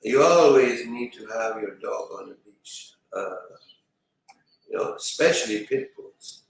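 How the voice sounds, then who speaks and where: Male streamer, slow rambling delivery, heard from off-mic in a very echoey room. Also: fairly low pitch, lively intonation, creaky, distant mic. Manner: rambling, fills with "you know". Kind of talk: casual storytelling to viewers.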